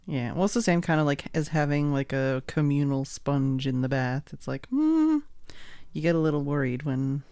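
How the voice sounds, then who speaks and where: A woman's voice: deep voice, a little mellow, clear, resonant tone, dry recording. A woman hosting a casual livestream, chatting in a rambling way and laughing often. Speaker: livestream host. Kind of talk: casual chat while making art on stream.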